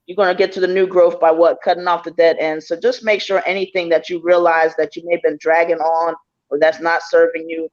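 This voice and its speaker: A man with a notably high voice, talking slowly through a spiritual reading. He hesitates often and fills gaps with ums, and the sound is muffled and lo-fi. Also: flat delivery. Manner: hesitant, many ums, reflective. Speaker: tarot reader and co-host.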